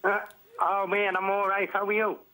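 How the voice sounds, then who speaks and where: A man calling in, talking haltingly with many restarts. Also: sits high, little pitch movement, sharp tone, clear, resonant tone, rough recording. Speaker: caller.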